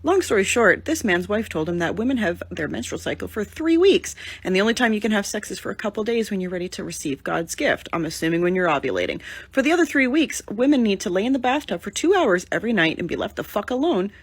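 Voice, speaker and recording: Brief: woman, quick-paced, sarcastic casual storyteller who swears, TikTok rant. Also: medium pitch, big pitch swings, husky, dry recording. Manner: blunt, sarcastic, swears freely. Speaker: TikTok storyteller recounting a coworker.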